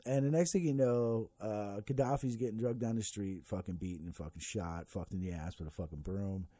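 Man, rambling profane rant, dark mellow voice, dry close sound, lots of ums. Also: fairly low pitch, moderate pace, no echo. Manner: profane, rambling, heavy swearing with many fillers. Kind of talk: casual political rant.

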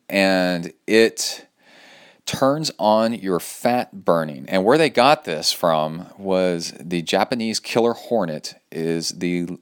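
Deep-voiced man, upbeat podcast host. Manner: loose and rambling, many fillers, upbeat and enthusiastic. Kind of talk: casual solo podcast talk with sponsor read.

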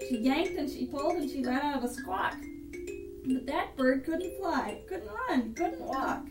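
A woman reading a rhyming storybook aloud in a sing-song, animated rhythm over improvised music. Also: high-pitched. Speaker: reader. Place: house room. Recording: echoey room, mic far off, with instrument playing.

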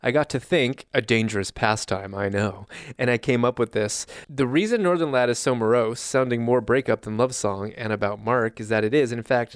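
A man's voice: medium pitch, clean tone, dry recording, studio quality. A man co-hosting a podcast, chatting casually and reading a listener's email aloud with an easy, amused tone. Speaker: podcast co-host.

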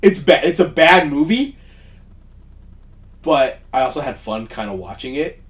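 A man's voice: on the high side, very animated, unhurried, a bit bright. A man co-hosting a casual podcast chat, rambling and interrupting himself, often laughing. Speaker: podcast co-host.

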